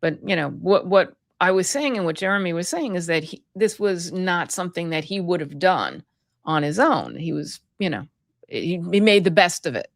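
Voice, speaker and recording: A woman's voice: fairly low pitch, animated, normal speed, no room sound, clean studio sound. A woman hosting a radio interview, speaking in a direct and opinionated way. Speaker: radio host.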